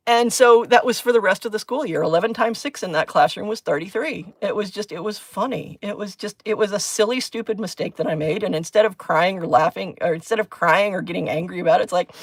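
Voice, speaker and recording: A middle-aged woman talks casually on a crafting livestream, rambling from one story to the next and laughing often at herself. Her voice sits at an ordinary middle pitch, and the sound is dry and close with no room echo. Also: fairly quick. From United States. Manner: chatty, rambling, self-deprecating, laughs often. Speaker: crafting livestreamer, former chemistry teacher.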